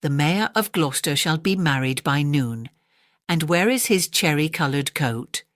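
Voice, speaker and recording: A woman's voice: deep voice, lively intonation, a little slow, fairly bright tone, dry recording, clean studio sound. A woman voicing a poor, weary old male tailor who speaks in a fretful way in a storybook reading.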